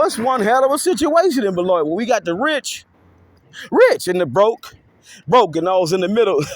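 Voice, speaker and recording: High, lively rambling man. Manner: animated, preachy, repetitive call-outs; speaks of himself in third person. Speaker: self-styled local activist vlogger. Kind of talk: rambling improvised monologue.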